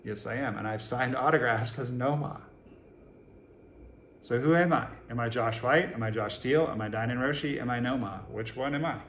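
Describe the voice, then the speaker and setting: Male Zen teacher from Boston, mid-pitched voice, a casual, joking dharma talk full of rhetorical questions, roomy hall with faint background hum. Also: moderate pace, a bit bright. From Boston, USA. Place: meditation hall with a live audience. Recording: echoey room, faint ambience.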